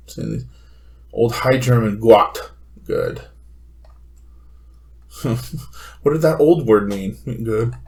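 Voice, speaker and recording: A man co-hosting a casual philosophy podcast, thinking aloud slowly and hesitantly with many fillers. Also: mid-range voice, gravelly, a little mellow. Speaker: podcast co-host.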